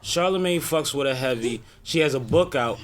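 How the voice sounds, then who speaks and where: Slangy, excited podcast host. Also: male voice, mid-range voice, moderate pace. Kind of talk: casual chat.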